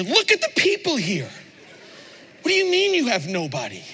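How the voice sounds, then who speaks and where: A man delivering a sermon in an animated storytelling style, often turning to the congregation with questions. His voice is high and forceful, and it rings with the long reverb of a large church hall. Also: brisk, breathy edge. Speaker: preacher.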